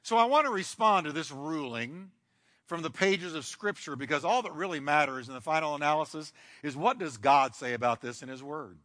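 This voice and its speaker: A male pastor preaching a sermon emphatically, with sweeping shifts in pace and dramatic pauses, in a church. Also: on the high side, lively intonation, fairly bright tone. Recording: long hall reverb.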